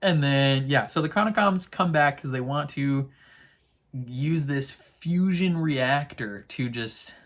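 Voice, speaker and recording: A man's voice: medium pitch, slow pace, fairly bright tone. Chatty man rambling through a recap. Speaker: TV episode reactor. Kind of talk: casual recap of a TV episode.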